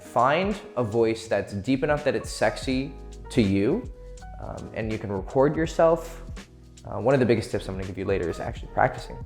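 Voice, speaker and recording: A man giving casual dating advice, loose and profane, laughing easily as he explains. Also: mid-range voice. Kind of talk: casual instructional talk.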